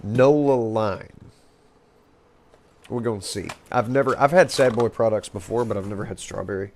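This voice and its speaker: A man's voice: lowish voice, normal speed, slight background noise. A young man streaming a roleplay game, chatting casually, rambling and joking with plenty of cursing. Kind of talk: casual gameplay chat.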